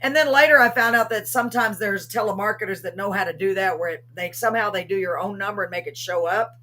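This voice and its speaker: A woman hosting a live chat show, telling ghost stories in a lively way and acting out what she said back then. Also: medium pitch, quick pace. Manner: animated storyteller, acts out her own past words. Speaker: host.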